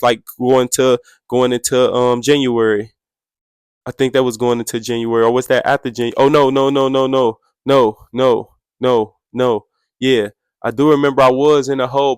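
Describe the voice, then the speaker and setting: A young man tells a story as a podcast guest, with lively energy and quotes he jumps up high to act out. His voice sits at an ordinary middle pitch for a man. The sound is close and dry, with no room around it. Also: smooth, no room sound. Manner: excitable, acts out quotes in a much higher voice, sound effects. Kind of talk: animated storytelling.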